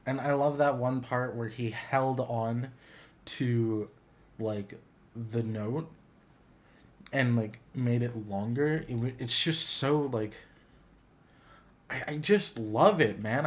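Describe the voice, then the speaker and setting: A man's voice: mid-range voice, takes it slowly, long pauses. A man hosting a casual reaction video, talking in an earnest, heartfelt, gushing way. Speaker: YouTube reaction host.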